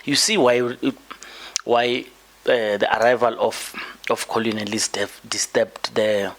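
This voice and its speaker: A South African man hosts a podcast, giving an emphatic political commentary monologue and often repeating words as he builds his point. His voice sits on the low side, with a steady tone, an unhurried pace, and a bit of brightness.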